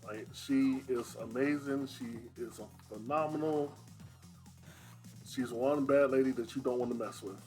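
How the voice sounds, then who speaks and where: A man speedrunning on a livestream, talking casually in a slow, relaxed way with lots of fillers. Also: mid-range voice, faint music behind.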